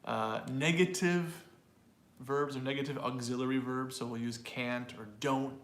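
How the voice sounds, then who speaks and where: A man's voice: mid-range voice, fairly even intonation, measured pace, reverberant. A man teaching an online English pronunciation class. He explains in a talkative way and often repeats or restarts words.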